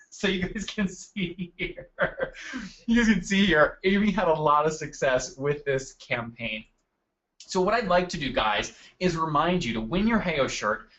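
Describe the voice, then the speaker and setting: A man's voice: medium pitch, sharp tone, highs cut off. A man hosting a live marketing webinar, talking energetically and calling out attendees by name from his desk. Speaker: webinar host. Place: home desk.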